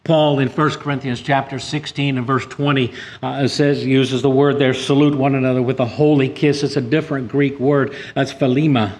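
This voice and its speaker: A man delivers a sermon at a middling pitch, reading scripture passages aloud. He climbs emphatically on key points and sometimes stumbles into restarts. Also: steady tone, moderate pace, hardly any pauses, darkish tone. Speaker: preacher.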